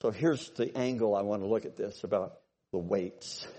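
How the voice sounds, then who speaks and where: A man preaching a sermon, telling stories and checking in with his congregation, swinging from loud bursts to low asides. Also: moderate pace. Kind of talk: sermon with storytelling.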